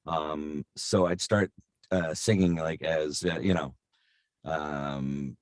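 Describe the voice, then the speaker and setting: Brief: middle-aged man, voice actor, very low voice, dry close sound, rambling anecdotes full of fillers. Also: steady tone, slow pace, no room sound. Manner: rambling, many fillers and restarts. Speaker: voice actor guest. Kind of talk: casual interview storytelling.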